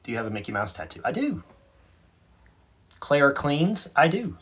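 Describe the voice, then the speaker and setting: Husky man chatting live. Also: on the high side, sing-song, moderate pace, fairly bright tone. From North Carolina, USA. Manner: chatty, self-mocking, laughs easily. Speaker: livestream host. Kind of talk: casual live chat, reading out viewer comments.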